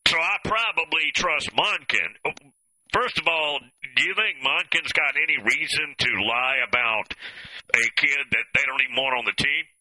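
Man, sports radio host, very bright tone, dry close sound. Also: on the high side, normal speed, no echo, rough recording. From American South. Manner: opinionated, folksy, animated. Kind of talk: call-in sports talk.

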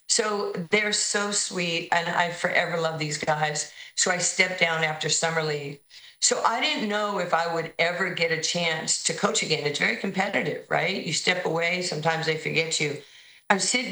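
Low, bright woman guest from New York, lively storyteller, echoey room. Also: normal speed. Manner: animated storyteller, acts out quoted voices. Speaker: basketball head coach, guest. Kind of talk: interview storytelling.

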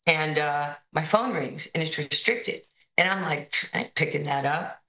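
Low, bright woman guest from New York, lively storyteller, echoey room. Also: a little slow. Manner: animated storyteller, acts out quoted voices. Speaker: basketball head coach, guest. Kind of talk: interview storytelling.

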